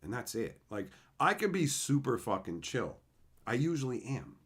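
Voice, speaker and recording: A man's voice: mid-range voice, big pitch swings, normal speed. A man streaming and chatting with his viewers, telling blunt, profane stories and laughing as he acts out the people in them. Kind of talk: casual live-stream chat, storytelling.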